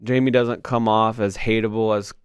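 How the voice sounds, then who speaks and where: A man hosting a casual chat, relaxed and easygoing, reading out questions from listeners. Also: on the low side, normal speed, smooth, no echo. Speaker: podcast host reading audience questions.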